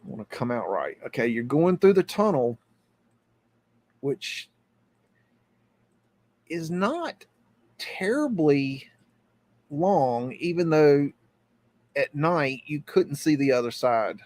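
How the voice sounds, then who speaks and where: Halting, earnest middle-aged man. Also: on the high side, big pitch swings, darkish tone. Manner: halting, earnest, restarts and repeats words; tells the story while pointing at a map on screen. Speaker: host. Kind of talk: live-stream storytelling.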